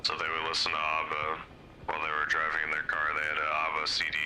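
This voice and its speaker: A man's voice: very deep voice, completely flat delivery, fast, noisy background. A man chatting in a friendly way with other players over game voice chat.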